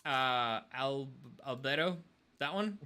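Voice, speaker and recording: A man's voice: medium pitch, slow pace, clean tone. A man co-hosting a podcast in casual chat. He rants animatedly and swears often. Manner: animated ranting, swears a lot. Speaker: podcast co-host.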